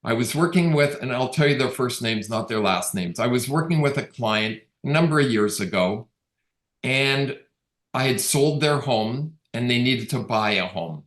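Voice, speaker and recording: Middle-aged man from Canada, conversational storyteller, mid pitch, echoey room sound. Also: animated, normal speed, fairly bright tone. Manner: conversational, storytelling with quoted dialogue. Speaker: real estate agent giving a webinar talk. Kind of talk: casual storytelling talk. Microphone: video call. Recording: roomy echo on the voice.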